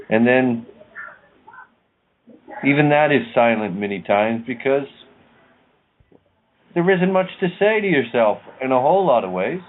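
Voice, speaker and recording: A man's voice: medium pitch, lively intonation, normal speed, pauses often, slight background noise. A man in casual spiritual chat on a radio show, rambling and thoughtful with many hesitations. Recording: tinny phone line.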